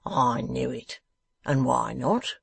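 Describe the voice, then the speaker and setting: A man's voice: medium pitch, slow, vocal fry, fairly bright tone, slightly rough, no echo, heavily acted. A man voicing a scheming, grandiloquent ballad-seller in an audiobook, theatrical and oily in his affability. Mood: pompous. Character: scheming, wheedling one-legged male ballad-seller. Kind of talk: audiobook character voice.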